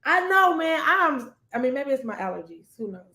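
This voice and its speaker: High-voiced, emotional woman. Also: big pitch swings, normal speed, bright, forceful tone, roomy sound. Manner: emotional, rambling, repeats herself. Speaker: podcast co-host. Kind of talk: casual chat.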